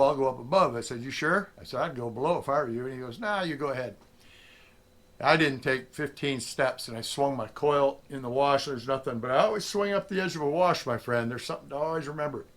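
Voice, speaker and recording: A man's voice: mid-range voice, fast talker. A middle-aged man, a prospecting vlogger, telling a story casually and acting out the lines of the people in it. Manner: animated storyteller, acts out quotes.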